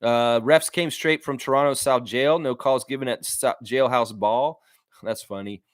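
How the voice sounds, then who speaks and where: A man's voice: medium pitch, a little slow, no echo, studio quality. A man hosting a live fan reaction stream, reading chat and answering in a blunt, repetitive way with casual swearing. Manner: blunt, animated, swears freely, repeats himself for emphasis. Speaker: sports stream host.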